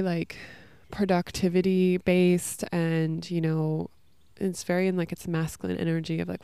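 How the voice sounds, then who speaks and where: Gravelly, smooth-voiced woman talking casually. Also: on the low side, mellow, no echo. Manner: casual, frequent "like" and "you know". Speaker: podcast host. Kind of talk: reflective solo talk.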